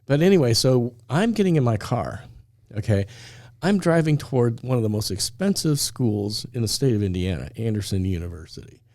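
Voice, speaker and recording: A man's voice: mid-range voice, animated, brisk, darkish tone, no room sound, studio quality. A man telling a personal story on a faith talk show, acting out the dialogue and laughing often.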